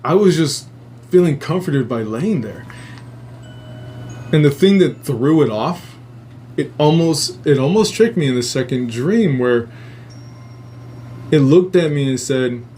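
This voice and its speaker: A man hosting a live show, telling a dream story in a profane, rambling, animated way. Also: mid-range voice, slight background noise. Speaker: host. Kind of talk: casual storytelling.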